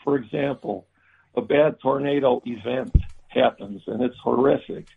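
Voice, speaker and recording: Gravelly-voiced man on a tinny line. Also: mid-range voice, slight background noise. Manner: halting, many restarts and fillers. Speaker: book author guest. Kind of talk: remote interview.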